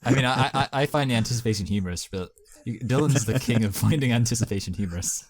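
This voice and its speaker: A man's voice: medium pitch, quick pace. A man in a casual movie review chat, reading plot notes aloud and adding short wry asides.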